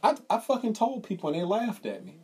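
A young man co-hosting a podcast, telling a profane, animated story in casual chat and acting out the people in it. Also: high-pitched, a little fast, husky. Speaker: podcast co-host.

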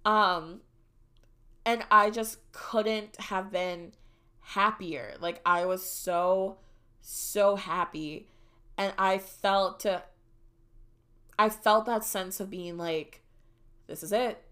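Bright-voiced young woman podcast host. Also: medium pitch, drawn-out words, long pauses. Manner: animated and dramatic, shrieks when reliving moments. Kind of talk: casual storytelling monologue.

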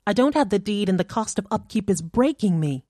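A woman reading the part of a frightened, defiant woman caught in a séance, her voice tense and pitched up in pleading. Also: animated, fairly quick, mellow, no room sound, clean studio sound, natural voice.

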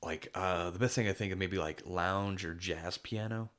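A man's voice: deep voice, moderate pace, fairly bright tone. A man co-hosting a podcast, chatting casually and enthusiastically, rambling with many restarts. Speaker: podcast co-host. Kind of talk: casual chat.

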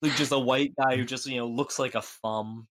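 Here a young podcast co-host tells a funny story in a casual, rambling way, leaning on lots of fillers and doing voices for the characters in his anecdotes. He speaks at a moderate pace in a mid-range, fairly bright voice, keeping his intonation fairly even.

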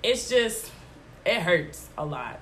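A young adult woman hosts a casual solo podcast, congested from allergies and talking emphatically and with exasperation, full of slang fillers. Her lowish voice has a fairly bright tone and big pitch swings, and she takes it slowly. A little hiss or hum sits under the recording.

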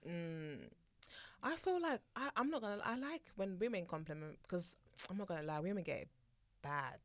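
A woman's voice: on the low side, expressive, moderate pace. A woman co-hosting a casual podcast chat. She laughs often and trips over her words. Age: 30s. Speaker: podcast co-host.

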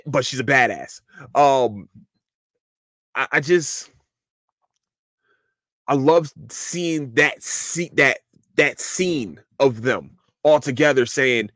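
A man hosting a podcast, casually recapping an anime in a rambling, animated way and swearing freely. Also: medium pitch, slow pace, pauses often, dry recording, studio quality. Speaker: podcast host.

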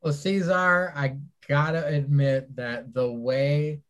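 A man hosting a casual wrestling podcast, recapping matches in a measured way with some fillers. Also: fairly high pitch, fairly even intonation. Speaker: podcast host.

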